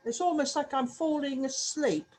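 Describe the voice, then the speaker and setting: A woman's voice: high-pitched, normal speed, darkish tone. A woman in the audience hesitantly asking the medium a question. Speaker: audience member.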